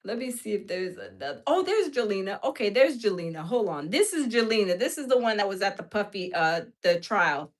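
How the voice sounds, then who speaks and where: A woman hosting a casual livestream, animated and laughing often as she talks to her viewers. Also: mid-range voice, a little fast, hardly any pauses. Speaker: livestream host.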